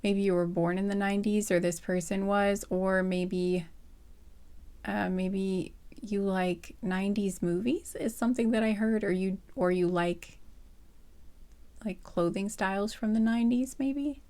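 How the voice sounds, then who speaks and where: A woman giving a casual pick-a-card reading, her voice slightly hoarse from an irritated throat, thinking aloud in a soft, hesitant, rambling way with many fillers and restarts. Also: mid-range voice, fairly even intonation, a little slow. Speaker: tarot card reader.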